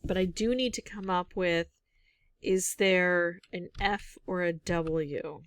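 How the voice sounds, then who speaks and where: Slow, musing woman puzzling aloud. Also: fairly low pitch, no echo, clean studio sound. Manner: musing aloud, thinking through guesses. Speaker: word game player. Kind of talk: casual solo gameplay commentary.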